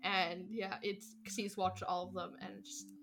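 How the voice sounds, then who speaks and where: A woman's voice: medium pitch, little pitch movement, moderate pace, vocal fry, fairly bright tone, faint music behind. A young woman co-hosting a podcast, chatting casually with lots of "like", giggling often and acting out characters. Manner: giggly, filler-heavy, acts out characters. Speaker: podcast co-host. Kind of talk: casual chat.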